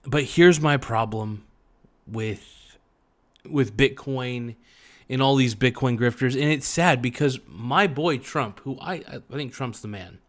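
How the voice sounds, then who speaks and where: Joking man hosting a rambling livestream. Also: mid-range voice. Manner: joking, rambling, with drawn-out words and sudden loud bursts. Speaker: livestream host. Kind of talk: casual livestream commentary.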